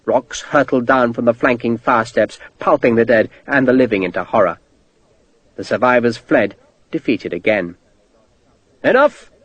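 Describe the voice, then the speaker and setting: A man narrating an audiobook in a steady, vivid storytelling manner. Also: mid-range voice, normal speed, no echo, muffled recording. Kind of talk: scripted narration.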